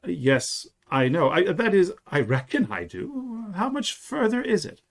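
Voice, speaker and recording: A man reading aloud as a gruff soldier father who hides who he is and speaks in a constrained, clipped way. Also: high voice, very animated, unhurried, voice pushed up, heavily acted. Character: gruff soldier father hiding his identity, middle-aged man.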